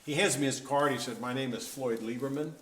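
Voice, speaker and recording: A man's voice: mid-range voice, a little fast, fairly bright tone. Wry storytelling man in a roomy echo. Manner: wry, self-deprecating humor. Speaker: interviewed musician. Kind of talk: casual anecdotal storytelling. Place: event venue, indoors. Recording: roomy echo, faint background noise.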